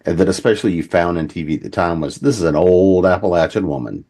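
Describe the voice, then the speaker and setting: A man hosting a convention panel, putting relaxed, open questions to the panelists and calling on each in turn. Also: low voice, fast, slightly rough. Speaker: panel host.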